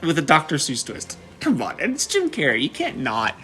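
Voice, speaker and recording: A man's voice: fairly high pitch, wildly swooping pitch, moderate pace, a bit bright, soft background music. A young man chatting casually as a vlogger, rambling and restarting, with apologetic asides. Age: young adult. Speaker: vlogger ranking movies. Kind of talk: casual chat.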